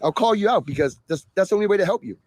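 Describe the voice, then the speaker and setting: A man's voice: sits high, lively intonation, racing, no echo. Sarcastic man ranting at his viewers. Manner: sarcastic, exasperated. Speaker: live stream host. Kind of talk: ranting casual talk to viewers.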